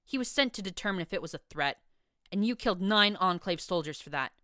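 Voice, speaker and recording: A woman's voice: on the low side, animated, a little fast, bright, forceful tone, no echo, clean studio sound. A woman reading a furious, proud pegasus mare soldier in an audiobook, with a harsh, accusing manner.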